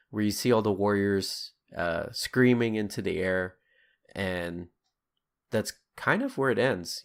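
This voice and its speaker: A man's voice: fairly low pitch, fairly bright tone. A man co-hosting a podcast, chatting in an easygoing way and chuckling often. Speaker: podcast co-host. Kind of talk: casual chat.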